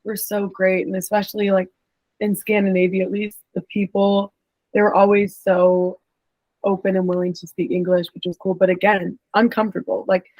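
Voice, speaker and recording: A young woman chatting casually on a podcast, rambling and full of fillers. Her voice sits at an ordinary middle pitch. The sound is dry and close, with no room echo. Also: little pitch movement, moderate pace, darkish tone. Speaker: podcast co-host, former pro soccer player.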